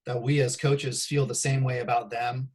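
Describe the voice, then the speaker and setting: A man, a volleyball coach, interviewing a former player in a measured, reflective way, with some "um" and "you know". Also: mid-range voice, flat delivery, darkish tone. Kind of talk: casual interview talk.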